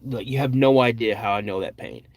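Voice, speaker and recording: Man, middle-aged, podcast host, casual storytelling, rambling, restarts a lot, mid-pitched voice. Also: a little fast. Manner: rambling, with frequent restarts and filler words. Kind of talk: casual live chat and personal storytelling.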